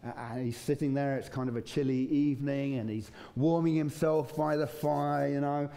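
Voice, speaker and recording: Man, pastor, sermon, chatty, mellow dark tone, mid pitch. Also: flat delivery, normal speed, gravelly. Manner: conversational, chuckling, acts out voices in stories. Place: church.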